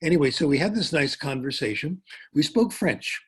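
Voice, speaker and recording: An older man giving a lecture, telling a personal story in a relaxed, anecdotal way with small restarts. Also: fairly high pitch, moderate pace, slightly rough. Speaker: keynote speaker.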